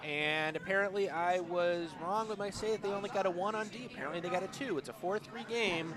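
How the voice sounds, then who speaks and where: A man's voice: high-pitched, brisk, a crowd in the background. A man commenting live on a curling match, chatty and explaining tactics. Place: curling rink with players calling out nearby.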